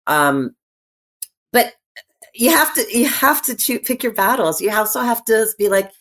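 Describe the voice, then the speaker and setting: A middle-aged woman talking as an interview guest in casual chat, animated and rambling, restarting her sentences often and filling pauses. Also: fairly high pitch. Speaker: actress and podcast guest.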